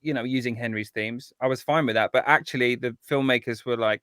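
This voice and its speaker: A man chats as an interview guest in an eager, rambling way, tripping over his own restarts. His voice sits at a middle pitch and sounds dry and close, with no room around it. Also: fairly even intonation, fairly quick, hardly any pauses, fairly bright tone, clear, resonant tone, no echo. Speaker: guest composer. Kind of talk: casual interview chat.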